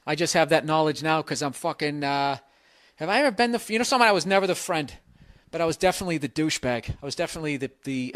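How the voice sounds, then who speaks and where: A man's voice: a little high, fairly bright tone, no room sound, clean studio sound. Blunt, crude man ranting advice. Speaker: podcast host giving advice. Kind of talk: casual profane advice rant.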